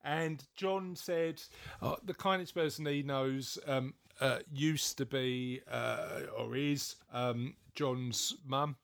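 A man's voice: mid-range voice, steady tone, takes it slowly, gravelly, a bit bright. A man co-hosting a casual podcast, rambling and self-deprecating, often laughing and filling with ums. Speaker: podcast co-host.

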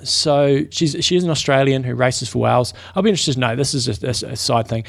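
A man's voice: mid-range voice, fast talker, creaky, no echo, studio quality. A man co-hosting a casual podcast, plain-spoken, explaining at length with fillers. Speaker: podcast co-host, race organiser. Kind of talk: casual chat.

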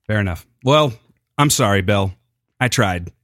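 A man's voice: fairly low pitch, animated, normal speed, fairly bright tone, no room sound, clean studio sound. A man hosting a podcast in casual banter, exasperated and laughing, rambling through his words. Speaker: podcast host.

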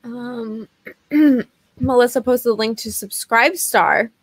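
A woman co-hosting a live show, reading viewer comments and questions aloud in a brisk, matter-of-fact way. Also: fairly high pitch, slightly rough, no room sound.

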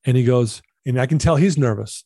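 In a storytelling interview, a male podcast guest shares something personal with earnest candor, voicing the quoted dialogue himself. He speaks briskly in a mellow, medium-pitched voice, recorded at studio quality with no echo.

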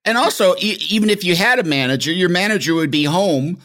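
High-voiced, lively male interviewer. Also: quick pace. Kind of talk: casual chat.

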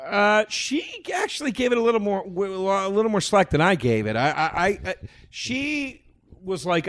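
A man's voice: high-pitched, very animated, moderate pace, fairly bright tone, no echo. A man co-hosting a podcast, chatting casually about a movie, rambling with stammered restarts and dry storytelling. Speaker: podcast co-host. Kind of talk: casual movie review chat.

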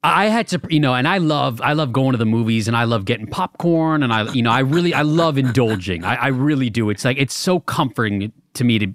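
A man's voice: medium pitch, animated, brisk, few pauses, dry recording, clean studio sound. A young man co-hosting a podcast, casually telling a long rambling story with many stammers and restarts. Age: young adult. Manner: rambling, stammers and restarts, laughs at own stories. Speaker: podcast co-host. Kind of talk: casual chat.

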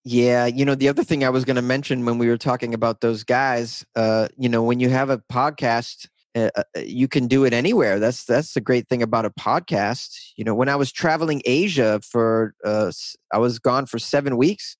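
A man's voice: medium pitch, moderate pace, hardly any pauses, dry recording. A man from Boston, a podcast guest, talking in an easygoing way with lots of fillers and repeated phrases. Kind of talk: casual interview chat.

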